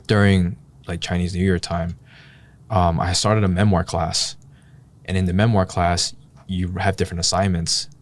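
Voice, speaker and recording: A man co-hosting a podcast, talking in a casual heart-to-heart way, reflective and candid, thinking aloud and sighing now and then. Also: low-pitched. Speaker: podcast co-host.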